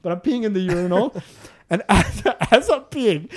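A man in casual podcast chat, telling a travel story with lots of acted-out moments and laughter. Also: normal speed. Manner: animated, acts out scenes with rising pitch, laughs often.

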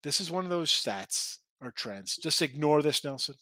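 Sports betting host guy, rambly and fired up, high bright voice, dry close sound. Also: moderate pace, no room sound. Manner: rambling, excitable, talks back to chat. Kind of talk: casual live-stream chat reading viewer comments.

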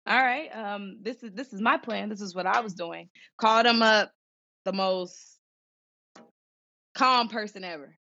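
A woman's voice: medium pitch, a little slow, long pauses, a little hiss or hum. Young woman from socal chatting, lots of ums, acts out voices, dull lo-fi audio. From Southern California. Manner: animated, acts out quoted voices, many fillers. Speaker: guest, former pro basketball player. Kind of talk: casual storytelling interview. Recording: dull lo-fi sound.

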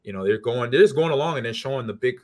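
A man co-hosting a podcast in casual chat, animated and quick to put on silly voices. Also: mid-range voice. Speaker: podcast co-host.

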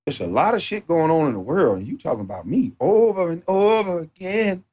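A man streaming live, ranting off the cuff in a profane, mocking, animated way that sometimes turns to shouting. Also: a little high, a little fast. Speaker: livestreamer. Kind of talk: off-the-cuff livestream rant.

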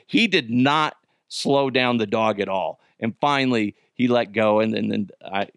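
A man's voice: medium pitch, a little slow, a bit bright, dry recording, clean studio sound. A man hosting a comedy podcast, chatting casually and rambling, with many restarts and asides. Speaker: podcast host.

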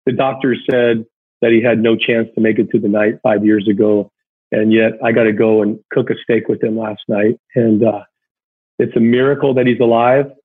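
A husky man tells a heartfelt story from his childhood, rambling and full of fillers. His voice comes through a thin, tinny phone line. He sounds like a former ballplayer chatting with a friend. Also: mid-range voice. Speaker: guest, former big-league pitcher. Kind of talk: casual storytelling chat.

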